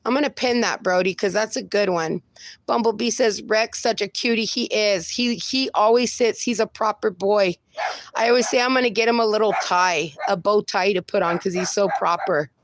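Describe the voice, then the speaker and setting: A woman hosting a casual livestream from home, reading out viewer comments and greeting each person warmly with pet names like darling. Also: medium pitch, moderate pace, no room sound. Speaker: livestream host. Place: home with dogs.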